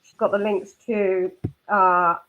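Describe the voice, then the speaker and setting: A woman's voice: mid-range voice, flat delivery, takes it slowly, fairly bright tone, muffled recording, slight background noise. A woman hosting a casual boxing chat livestream, bantering and laughing as she talks. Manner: chatty, laughing, swearing banter. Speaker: host.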